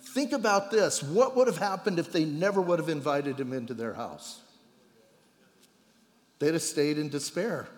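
Animated pastor with a high voice. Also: male voice, moderate pace, long reverb tail. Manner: conversational, animated, acts out quoted dialogue. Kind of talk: sermon. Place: church.

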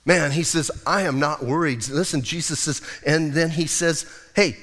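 A pastor delivers a casual, jokey sermon in a church sanctuary, acting out Bible scenes with different voices. His voice is on the high side and moderately paced, and he's animated throughout. Long hall reverb fills the recording.

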